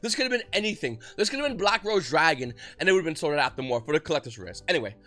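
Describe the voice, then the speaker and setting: A man giving excited, rapid market commentary as host of his channel, often restarting his sentences. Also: on the high side. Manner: talks fast when excited, frequent restarts. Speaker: trading card market commentator.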